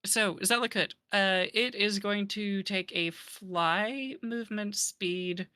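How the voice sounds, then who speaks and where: A woman's voice: medium pitch, slow, sharp tone, dry recording, studio quality. A woman playing a tabletop game, chatting cheerfully and playfully. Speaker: player. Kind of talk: casual tabletop game play.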